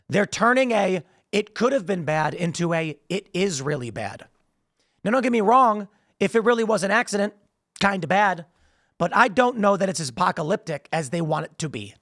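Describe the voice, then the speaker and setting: A man's voice: high voice, fairly bright tone, no echo, studio quality. A man hosting a political commentary show, talking emphatically while losing his voice, often repeating words as he starts sentences. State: losing his voice, strained throat. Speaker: show host.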